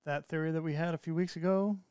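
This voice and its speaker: A man's voice: fairly high pitch, steady tone, fast, darkish tone, clear, resonant tone, dry recording, clean studio sound. A man co-hosting a casual podcast, talking in an easygoing, reflective way with jokes. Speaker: podcast co-host. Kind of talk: casual chat.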